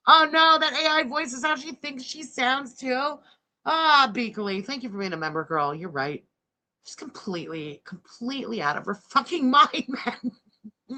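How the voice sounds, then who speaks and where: A woman in her forties hosting a livestream reaction, loud, mocking and swearing, yelling often. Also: fairly high pitch, animated, normal speed.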